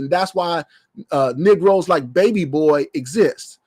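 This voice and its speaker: A man's voice: a little high, measured pace, darkish tone, no room sound, clean studio sound. A man preaching a sermon as pastor, in a loose, conversational way, often repeating short phrases.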